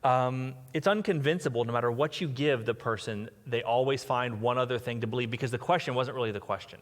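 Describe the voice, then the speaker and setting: A man's voice: medium pitch, brisk. A man preaching a conversational sermon as a pastor, thinking aloud with restarts and fillers. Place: large church hall. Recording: reverberant hall.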